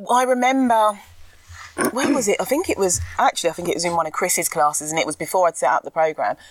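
A woman's voice: fairly low pitch, quick pace. A woman in casual podcast chat, speaking candidly and animatedly, laughing often and admitting she can be ranty. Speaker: podcast co-host, school anti-racism educator.

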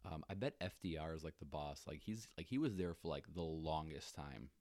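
A man with a very low, deep voice chatting casually as a podcast co-host. He is laid-back and jokey, peppering his speech with "like." The sound is dry and close-miked. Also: expressive, fairly quick, darkish tone, dry recording. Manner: laid-back, lots of "like" fillers, joking asides. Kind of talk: casual chat.

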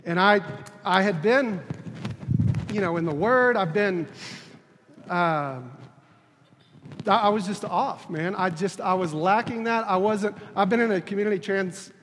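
A man's voice: high-pitched, a bit bright, big-room sound. Man, 30s, church preacher, earnest testimony, stumbles and repeats, faint room noise behind. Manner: halting, repeats words and restarts, earnest. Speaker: preacher on a church leadership team. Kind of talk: personal testimony sermon.

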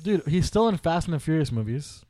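A young man co-hosting a casual podcast, loud and profane, ribbing his friends with lots of energy. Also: on the high side, very animated, fairly quick. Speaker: podcast co-host.

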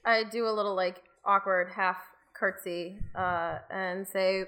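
A woman's voice: mid-range voice, steady tone, measured pace, sharp tone. A woman playing a tabletop game, practical and keen to move the group along. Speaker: player. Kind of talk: casual tabletop play.

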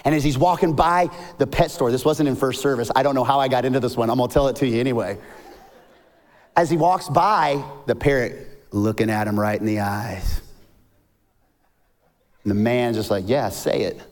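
A man, a pastor preaching a sermon in a lively, story-telling way. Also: moderate pace, pauses often. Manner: animated, rises to high emphatic peaks, tells jokes and stories. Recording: long hall reverb.

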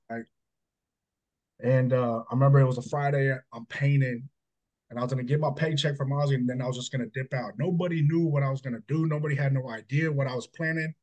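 A man at a middle pitch giving a heartfelt personal testimony as a guest. He talks in a loose, conversational rhythm and keeps checking in with a quick "right?". His telling is earnest and emotional. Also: a little mellow. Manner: conversational, ends phrases with "right?". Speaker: interview guest.

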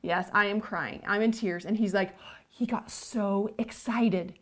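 A woman's voice: medium pitch, steady tone, a little slow. Matter-of-fact woman recounting events. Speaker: guest, his wife. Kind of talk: conversational storytelling.

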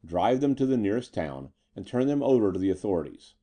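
A man's voice: fairly low pitch, big pitch swings, a little fast, dark tone. A man voicing a tough young hero with a grim, taunting manner. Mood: plain.

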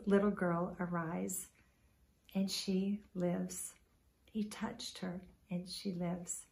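A woman preacher retelling a story in a sermon, dramatic, swinging from loud to hushed. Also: mid-range voice.

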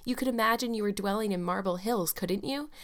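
A woman's voice: mid-range voice, fairly quick, lightly acted. Anne, a chattering orphan girl, read by a woman. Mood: eager. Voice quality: clear, sweet voice. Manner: breathless, rambling, eager chatter. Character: chatty imaginative eleven-year-old orphan girl.

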